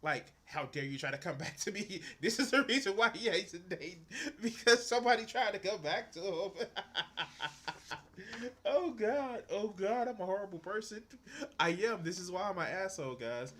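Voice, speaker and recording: Casually commenting on a video while he draws on stream, the young man rants in exasperation and swears a lot. His voice is high-pitched, expressive and fairly bright, at a normal speed.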